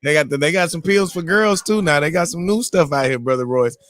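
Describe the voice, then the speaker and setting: A man's voice: a little high, fairly quick, a bit bright, dry recording, clean studio sound. A man co-hosting a casual morning show, joking in a playful, slangy way. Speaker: co-host. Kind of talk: casual chat.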